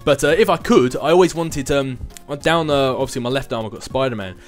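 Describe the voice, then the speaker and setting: On his casual vlog, a twenty-something man takes viewer questions in a chatty, meandering way and makes jokes at his own expense. He talks briskly in a mid-range voice, with faint music in the background.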